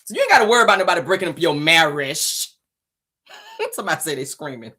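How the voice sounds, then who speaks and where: A woman's voice: low-pitched, very animated, fast talker, bright, forceful tone, husky. A woman hosting a casual celebrity gossip show, sassy and teasing, laughing often as she reacts to viewer comments. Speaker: show host.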